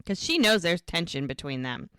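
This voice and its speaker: This podcast co-host speaks at a fairly low pitch and a moderate pace, her voice smooth and echo-free. Chatting casually, she walks through a TV episode and performs the scenes as she describes them.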